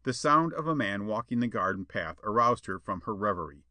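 A male narrator reads an old adventure story with expressive, lively intonation. His voice is bright and forceful, and the recording is dry and close-miked. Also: on the low side, brisk, no room sound. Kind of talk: audiobook reading of a pulp adventure tale.

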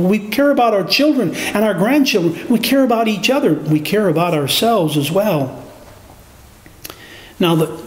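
A middle-aged man preaching a sermon as pastor, earnest and full of rhetorical questions. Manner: earnest, rhetorical questions, lively pitch swings. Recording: echoey hall with long reverb.

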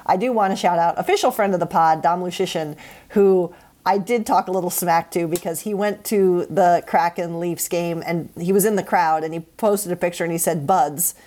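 Low-voiced chatty woman co-host. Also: moderate pace, a little mellow. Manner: chatty, restarts a lot, laughs easily. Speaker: podcast co-host. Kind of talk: casual chat.

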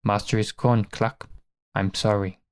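A man's voice: fairly high pitch, a little fast, creaky, a bit bright, breathy edge, voice pushed up, heavily acted. A man voicing a dim-witted young wolf pup who talks in broken, simple sentences. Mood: sad.

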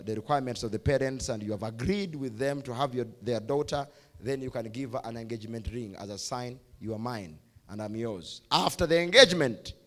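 A man with a Ugandan accent, preaching a youth sermon as pastor, emphatic and repeating key phrases. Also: medium pitch. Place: church hall.

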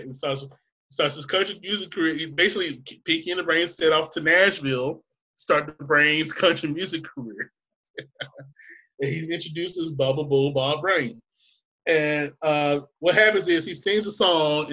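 A man's voice: on the high side, pushed and bright, dull audio. A man rambling through a casual chat, laughing often and swearing freely.

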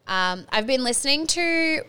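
A woman's voice: sits high, lively intonation, unhurried, pushed and bright, clear, resonant tone. A young woman, co-hosting a podcast in casual chat, candid and swearing freely. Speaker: podcast co-host.

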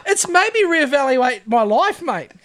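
A man's voice: extremely high pitch, big pitch swings, unhurried, crowd noise. A New Zealand man co-hosting a podcast, ranting sarcastically with plenty of swearing in casual banter. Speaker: podcast co-host.

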